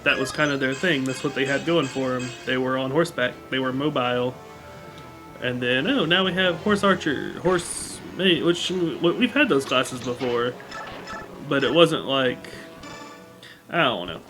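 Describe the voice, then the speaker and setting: A man's voice: medium pitch, unhurried, music in the background. A man giving casual gameplay commentary, rambling with lots of fillers and now and then reading game dialogue aloud. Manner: reads game dialogue aloud between remarks. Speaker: let's play gamer.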